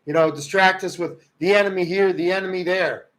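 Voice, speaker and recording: A man hosting a livestream, ranting about politics in a heated way, swinging from loud outbursts to low muttering. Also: fairly even intonation, a little fast, low-quality recording. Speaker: livestream host. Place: rural home.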